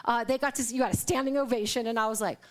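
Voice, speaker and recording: This is a middle-aged woman minister giving a sermon live in a church sanctuary, speaking quickly in a steady, somewhat high voice. She chats her way through stories, performing the quoted lines and often breaking into laughter.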